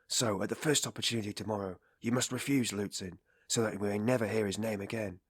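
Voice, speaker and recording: A man's voice: fairly low pitch, fairly even intonation, quick pace, husky, dry recording, clean studio sound. A man voicing an irritable, feverish young student who speaks in curt, exhausted bursts.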